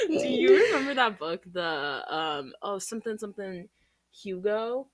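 Lively young woman, chatty co-host. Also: mid-range voice, slow, no room sound. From American Midwest. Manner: chatty, laughs often, wanders off topic. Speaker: podcast co-host. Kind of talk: casual chat.

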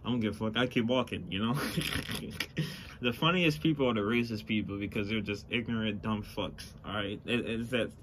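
A man's voice: on the low side, fairly quick, fairly bright tone. A young man hosting a casual solo podcast, rambling and swearing freely, recorded outdoors on a phone near passing traffic. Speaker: podcast host. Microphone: phone mic, later plugged-in mic. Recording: faint car traffic noise outdoors.

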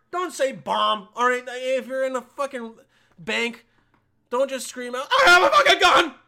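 A young man hosting a podcast in a casual, rambling monologue, swearing constantly and swinging between mumbles and loud outbursts. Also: high voice. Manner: profane, rambling, jokey. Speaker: podcast host.

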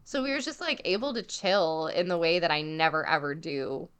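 A young woman telling a travel story in casual chat, full of "like" fillers and animated retelling. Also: low voice, moderate pace, clean tone.

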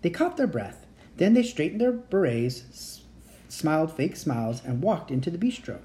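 A home reader reading a children's chapter book aloud. The voice is dark and mellow, and the pitch moves a lot through the story. There are occasional slips and restarts. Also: very animated, moderate pace.

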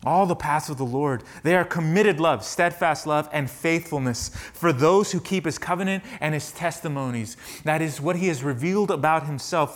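A man preaching a sermon, reading scripture aloud and moving between hushed reflection and fervent emphasis. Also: fairly high pitch, moderate pace, hardly any pauses. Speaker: pastor.

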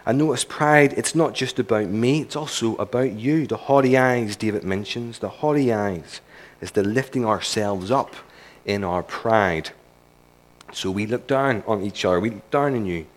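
A man's voice: fairly low pitch, normal speed. A man preaching a sermon in a church service, earnest and emphatic, building his points through repetition.

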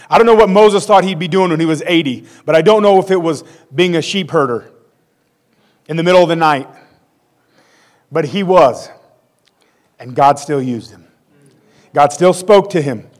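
A man in his forties preaching a conversational sermon with self-deprecating humor. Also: fairly high pitch. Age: 40s. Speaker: pastor.

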